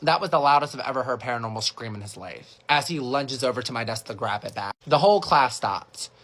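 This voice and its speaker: Fast, bright-voiced young man telling stories. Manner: animated, jumps into high voices for quotes; filler-heavy with lots of "like". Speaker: storytime creator. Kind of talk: casual storytelling.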